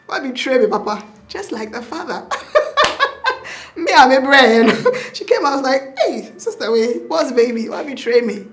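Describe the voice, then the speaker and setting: In a laid-back interview, a mother who works as a doctor tells how her child was born, her Ghanaian accent clear and her pitch in the middle range. Laughter runs through her retelling as she performs what she once said.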